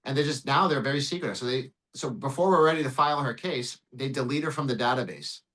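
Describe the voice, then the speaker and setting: An immigration lawyer recounts a case during a podcast interview, speaking quickly in a bright, forceful, mid-range voice. Animated and blunt, he swears freely and acts out the back-and-forth himself. The recording is rough.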